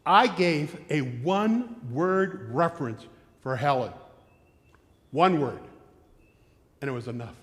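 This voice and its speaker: American pastor, high voice, lively storyteller, church reverb. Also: male voice, slow, long pauses. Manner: animated storyteller, acting out shouted quotes. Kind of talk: sermon with storytelling. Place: church sanctuary.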